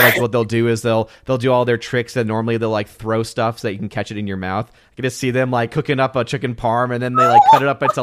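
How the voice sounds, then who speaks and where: A man chatting casually on a podcast, riffing and joking. His pitch swings widely as he talks, and he sounds playful. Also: a bit bright, no room sound, studio quality. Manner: playful, jokey, riffs on ideas. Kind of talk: casual chat.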